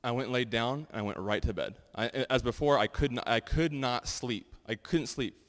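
A man's voice: mid-range voice, normal speed. Man preaching casually in a reverberant hall. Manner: conversational, animated storytelling with many fillers. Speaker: pastor. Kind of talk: sermon with personal testimonies.

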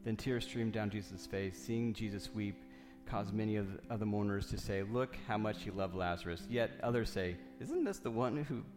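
A man's voice: fairly low pitch, steady tone, moderate pace, hardly any pauses. Man preaching in a reverberant hall over guitar music, reads scripture, then gets fired up with repeated lines. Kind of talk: sermon with Bible reading.

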